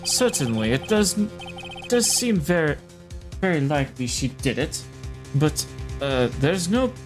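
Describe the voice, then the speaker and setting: A woman reading the lines of a flustered young male prosecutor in a game, halting and stammering. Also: sits low, very animated, over music.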